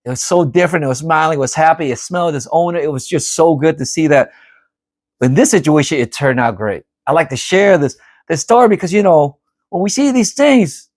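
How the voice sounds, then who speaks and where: A middle-aged man telling a story to camera in a casual, animated, rambling way, often repeating himself. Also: fairly high pitch, fairly quick, no room sound, clean studio sound. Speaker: vlogger.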